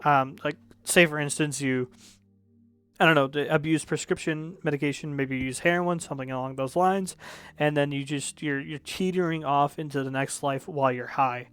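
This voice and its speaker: A man's voice: on the high side, fairly even intonation, moderate pace, a bit bright, clean tone, dry recording. A young man casually reviewing music, rambling and correcting himself, frank and a bit profane.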